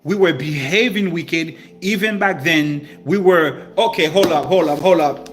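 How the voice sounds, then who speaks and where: In an unhurried, fairly high voice, a man teaches scripture informally, reading verses and interrupting himself with playful slang, lively asides and phrases he repeats.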